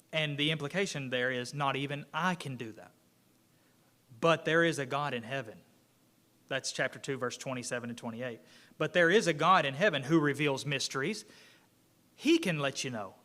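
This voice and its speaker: A man's voice: medium pitch, bright, forceful tone. A man teaching an informal church Bible class, talking conversationally with fillers and asides.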